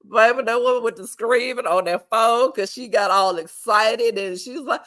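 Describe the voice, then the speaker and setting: A woman's voice: fairly high pitch, unhurried, fairly bright tone. A woman casually recapping a TV episode for her viewers, chatty and laughing often. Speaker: show recap vlogger.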